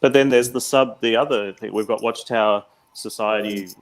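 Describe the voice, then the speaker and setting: A man's voice: lowish voice, fairly even intonation, normal speed, rough recording. A man in casual livestream discussion, asking pointed questions, with short disgusted asides, over a video call.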